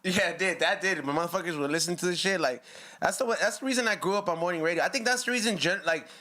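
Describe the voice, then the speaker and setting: Bright, high-voiced man telling stories. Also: fast talker. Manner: animated storyteller, lots of fillers and restarts. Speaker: podcast co-host. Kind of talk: casual chat.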